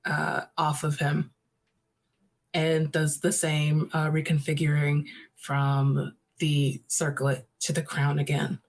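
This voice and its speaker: Low, husky woman narrating haltingly. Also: completely flat delivery, low-quality recording. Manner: halting, many uhs. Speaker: guest player. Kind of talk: narrating a tabletop storytelling game.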